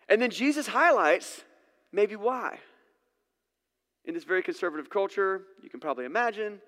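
A man's voice: fairly high pitch, fairly bright tone, long reverb tail. A man preaching a sermon in a conversational, storytelling way with casual asides. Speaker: pastor.

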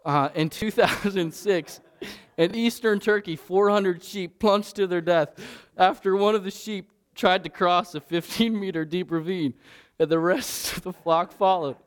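A man's voice: sits high, measured pace, clean tone. A man preaching a sermon as pastor, in an earnest, conversational way with frequent restarts.

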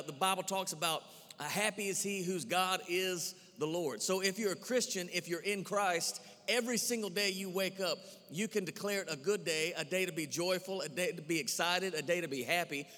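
A male pastor delivers a sermon and prayer to his congregation, earnest and repetitive, often stumbling on "uh" and restarting lines. His voice sits on the higher side for a man. A long church-hall reverb trails after each phrase. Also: moderate pace, bright, forceful tone. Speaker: campus pastor. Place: church sanctuary.

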